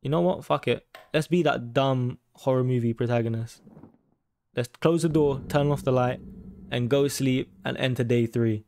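A man with a gravelly, fry-edged voice of middling pitch talks through a horror game for his channel. He curses constantly, startles easily and reads the on-screen text aloud between reactions. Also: normal speed, a little mellow, a little hiss or hum. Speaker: gaming YouTuber. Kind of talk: horror game let's play commentary.

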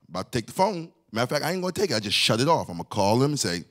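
A man in his forties preaching a conversational sermon, telling a family story and talking straight to his congregation, his voice climbing to near-shouts. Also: mid-range voice, rapid-fire, hardly any pauses. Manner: lively, addresses the congregation directly, rising to near-shouts. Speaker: pastor. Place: church sanctuary.

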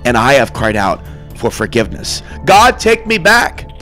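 A man from Portland delivering an impassioned sermon monologue, theatrical and swinging from murmurs to shouts. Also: mid-range voice, very animated, normal speed, soft background music. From Portland, Oregon. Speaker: self-styled preacher.

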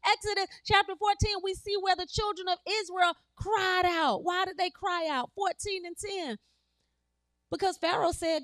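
High-voiced woman preaching. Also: moderate pace, fairly bright tone, no room sound. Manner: call-and-response preaching, repeats phrases, laughs with congregation. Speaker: pastor. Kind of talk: sermon. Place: church sanctuary.

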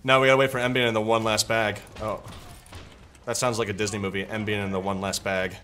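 A man's voice: lowish voice, flat delivery, fast talker, sharp tone. A man co-hosting a live gameplay stream, dropping dry quips and short reactions. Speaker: streamer co-host.

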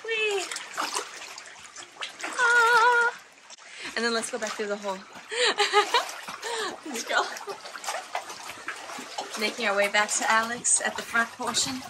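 A woman's voice: a little high, lively intonation, a little slow, long pauses. Bubbly young woman vlogging. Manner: chatty, bubbly, lots of "like". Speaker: travel vlogger. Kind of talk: casual vlog narration. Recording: outdoor vlog with clear background noise.

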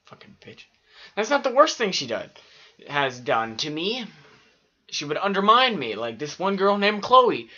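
Guy ranting stories, swears a ton, bright voice, kinda dull lo-fi sound. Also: high-pitched, a little slow. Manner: profane, rambling and animated. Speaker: vlogger. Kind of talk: casual storytelling.

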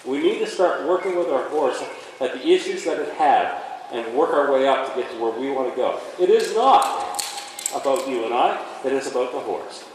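Animated man teaching in an echoey arena. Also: mid-range voice, normal speed. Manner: emphatic, animated, talks through each step. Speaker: horse trainer. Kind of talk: instructional demonstration. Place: indoor horse arena. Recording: echoey arena from far off, faint noise.

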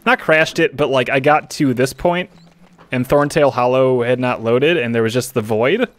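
A man's voice: medium pitch, normal speed, fairly bright tone, no room sound. A man streaming a video game, chatting casually with friends and chuckling often. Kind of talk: casual let's-play chat.

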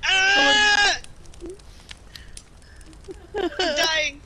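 Shrieking high-voiced woman panicking in game. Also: drawn-out words, heavy background noise. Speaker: gamer. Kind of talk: screaming live gameplay reactions.

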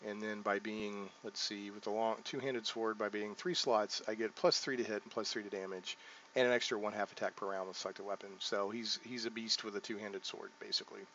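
A man's voice: on the low side, steady tone, a little fast, fairly bright tone, lo-fi sound, slight background noise. A man hosting a casual let's play, thinking aloud as he sets up a character, with many ums and self-corrections. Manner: thinks aloud while clicking through menus, frequent ums and self-corrections. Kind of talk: casual gameplay commentary.

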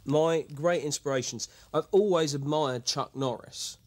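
A man's voice: fairly high pitch, measured pace, darkish tone. An actor playing a vain, grandiose male horror writer who stars in his own series, speaking pompously in a mock documentary interview. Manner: self-important, pompous.

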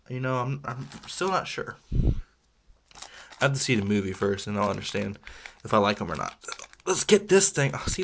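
A man's voice: medium pitch, a bit bright, slight background noise. Chatty man rambling through an unboxing. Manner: rambling, chatty, self-deprecating with small laughs. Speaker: toy unboxing vlogger. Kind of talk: casual unboxing chat.

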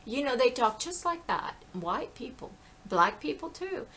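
A woman talks straight to the camera in a loose, rambling monologue with a bright, forward tone. She stays animated, wanders from point to point, and keeps dropping into little voices for the people she quotes. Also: sits high, unhurried. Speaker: vlogger. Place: lives in the American South.

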